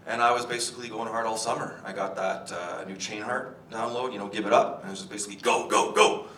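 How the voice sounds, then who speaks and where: A young actor playing a crude, brash store clerk, telling a rambling, profane story with chuckles on a stage. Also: male voice, steady tone, fast, sharp tone. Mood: swaggering. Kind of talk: theatre monologue. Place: theatre stage. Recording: roomy stage audio from a distance, faint rumble.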